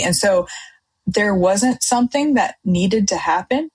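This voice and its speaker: A middle-aged woman sharing her faith testimony as a podcast guest, a lively storyteller who acts out her own past outbursts. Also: medium pitch, moderate pace, slightly rough, low-quality recording. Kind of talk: testimony in casual chat.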